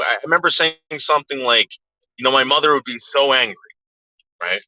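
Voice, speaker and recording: A man's voice: medium pitch, moderate pace, pushed and bright, no echo. A man telling a story from his past in a casual, profane way, acting out the voices of the people he quotes. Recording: dull lo-fi sound.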